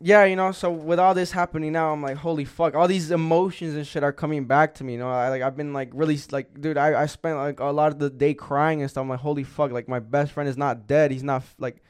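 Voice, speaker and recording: A man's voice: fairly high pitch, steady tone, fast, hardly any pauses, smooth. A young man co-hosting a podcast, telling a long story in casual chat, rambling and swearing with lots of filler words. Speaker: podcast co-host.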